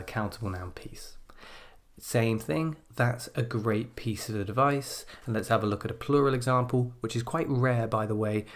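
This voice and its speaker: Man teaching grammar in a measured voice. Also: lowish voice. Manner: explanatory, measured, slows down to read example sentences. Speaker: English exam teacher. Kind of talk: scripted video lesson.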